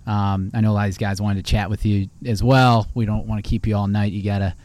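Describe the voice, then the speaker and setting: A man's voice: fairly low pitch, level tone, fast talker, a little mellow. A man hosting a casual podcast interview, easygoing, asking questions with fillers and restarts. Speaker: podcast host.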